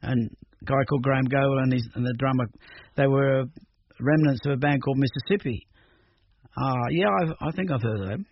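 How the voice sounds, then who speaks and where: A man's voice: mid-range voice, fairly quick. An older man from Australia, talking through his music career in a rambling, hesitant radio interview full of restarts. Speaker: musician guest. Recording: dull radio recording with faint noise.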